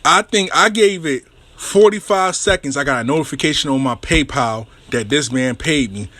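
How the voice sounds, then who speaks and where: A man hosting his own show who tells a story in a casual, profane, animated way and acts out the voices and sounds. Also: a little high, normal speed. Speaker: show host.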